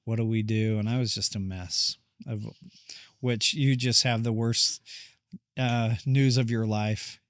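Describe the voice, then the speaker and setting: Reflective male therapist guest, candid storyteller, mid-pitched voice, dry room. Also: steady tone, slow, fairly bright tone, no room sound. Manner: reflective, candid, relives moments in quoted speech. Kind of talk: personal storytelling interview.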